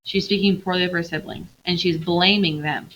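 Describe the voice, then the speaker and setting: A woman teacher reading a novel aloud to her class, expressive, pausing to quiz the students. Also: on the low side, muffled recording, a little hiss or hum.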